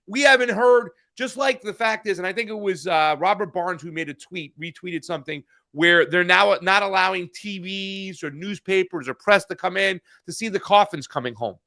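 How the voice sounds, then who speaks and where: Pushed and bright, this man's high-sitting voice runs at normal speed with hardly any pauses. He's a co-host on a political news podcast, heated in casual conversation, cursing and frequently restarting.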